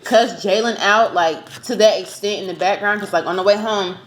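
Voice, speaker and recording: A woman's voice: mid-range voice, fairly even intonation, moderate pace. Young woman co-host, chatty, heard with a roomy echo. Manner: chatty, filler-heavy with "like". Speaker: co-host girlfriend. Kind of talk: casual storytelling chat. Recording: roomy echo, faint noise.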